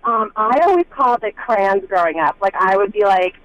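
A woman's voice: medium pitch, animated, a little fast. A woman calling a radio show from her car in traffic, talking in a casual, rambling way full of fillers. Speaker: caller. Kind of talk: phone call to radio show. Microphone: phone. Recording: tinny phone line.

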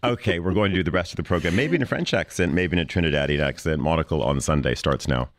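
A man's voice: sits low, quick pace, dry recording. A man hosting a live radio show, chatting with guests in a playful way and laughing easily. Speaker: radio host.

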